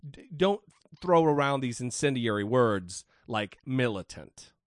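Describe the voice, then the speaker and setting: A man's voice: mid-range voice, animated, a little slow, dry recording, studio quality. A man co-hosting a casual skeptic podcast, joking and swearing, often stumbling and restarting his words. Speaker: podcast co-host.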